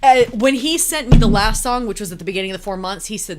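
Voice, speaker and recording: A woman's voice: medium pitch, fast talker, few pauses. A woman co-hosting a live music reaction stream, chatting in an easygoing way and laughing often. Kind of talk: casual livestream chat.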